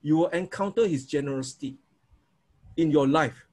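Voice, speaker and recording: A man's voice: a little high, moderate pace, a little mellow. A man teaching a sermon on prayer, repeating himself and acting out prayers in an informal way. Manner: repetitive, informal, demonstrates prayers aloud. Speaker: preacher.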